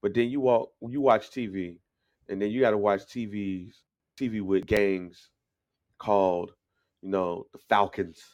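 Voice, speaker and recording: A man co-hosting a podcast, telling stories in casual chat, animated, laughing often and mimicking voices. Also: fairly low pitch, unhurried, muffled recording. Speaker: podcast co-host.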